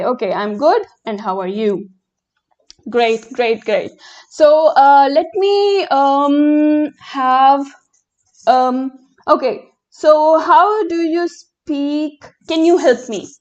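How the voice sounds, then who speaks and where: Young woman, native Hindi speaker, live-stream language teacher, slow delivery, slightly high voice. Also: darkish tone, dull audio. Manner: slow, patient, explains with many fillers. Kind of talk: live-stream lesson, reading chat.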